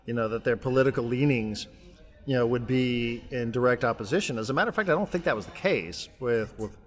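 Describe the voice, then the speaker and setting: A man co-hosting a casual sports podcast, talking in a rambling, halting way with many restarts. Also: mid-range voice, in a large hall, soft background music. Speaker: podcast co-host. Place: remote, traveling abroad.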